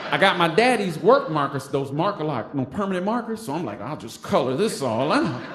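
A man, a stand-up comic telling a funny story live on stage, animated and laughing as he acts out other voices. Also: on the high side, brisk. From Detroit. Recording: roomy stage sound with noise.

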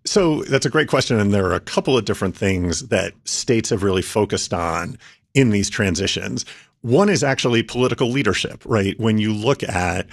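Policy guest, man, lowish voice, measured and orderly. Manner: measured, methodical, lays out points in order. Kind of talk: explanatory interview answers.

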